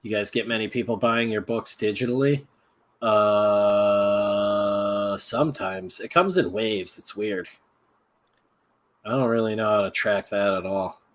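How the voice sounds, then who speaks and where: A man's voice: fairly low pitch, unhurried. A man hosting a casual podcast giveaway, rambling and easily distracted, apologizing for his own slips. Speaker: podcast host running a giveaway. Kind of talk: casual chat.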